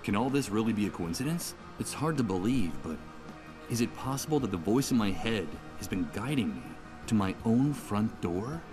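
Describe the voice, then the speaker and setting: A man's voice: lowish voice, lively intonation, moderate pace, natural voice. An actor playing a wry, sardonic male protagonist in a video game, musing aloud over game music. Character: sardonic troubled man, protagonist. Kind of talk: video game voice acting, inner monologue.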